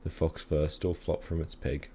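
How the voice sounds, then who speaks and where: Very deep-voiced man reading a story. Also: a little hiss or hum. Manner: calm, measured storytelling. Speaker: reader. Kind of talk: reading a children's story aloud.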